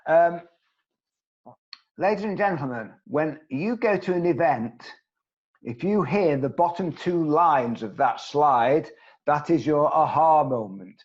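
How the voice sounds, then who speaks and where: A man's voice: on the high side, lively intonation, takes it slowly, husky, muffled recording. A man giving a networking training session on a video call, speaking earnestly and putting questions straight to his audience. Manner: earnest, emphatic, asks the audience direct questions. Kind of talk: online training presentation.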